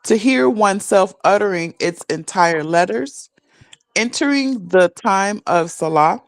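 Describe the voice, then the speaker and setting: Student, reads aloud, casual questions, mid pitch, dry sound. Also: lively intonation, unhurried, dry recording. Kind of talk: classroom reading and questions.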